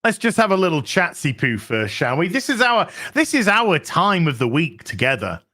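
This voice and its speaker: A man hosting a live stream, talking excitably to his chat, swearing freely as he reacts to the news. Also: on the high side, normal speed. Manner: excitable, swears, chats to viewers. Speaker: streamer host.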